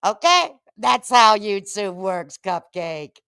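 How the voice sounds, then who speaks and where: A woman hosting a casual live-stream commentary, sassy and animated, calling people honey and cupcake. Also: mid-range voice, normal speed, no room sound, clean studio sound. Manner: sassy, animated, Southern-tinged endearments.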